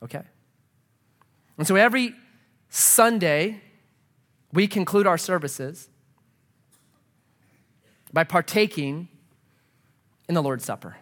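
A man preaching a sermon as pastor, earnest and emphatic, dropping to a soft hush as he prays. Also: sits high, slow, pauses often. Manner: drops to a soft hush for prayer.

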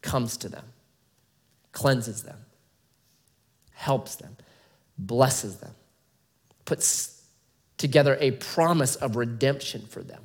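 A man preaching a sermon in a conversational, animated way, full of rhetorical questions to his listeners. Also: mid-range voice, slow pace, long pauses. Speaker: pastor.

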